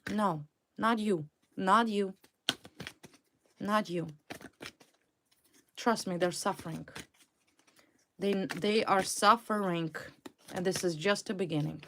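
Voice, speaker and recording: A woman's voice: mid-range voice, slow pace, long pauses, fairly bright tone, a little hiss or hum. A woman reading tarot cards to a viewer, blunt and emphatic, repeating her points and swearing freely. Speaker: tarot reader.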